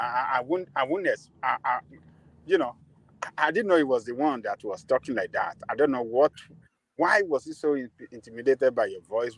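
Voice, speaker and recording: A man calling into a live discussion, earnest and halting, restarting his sentences. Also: mid-range voice, husky, no echo, rough recording. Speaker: caller.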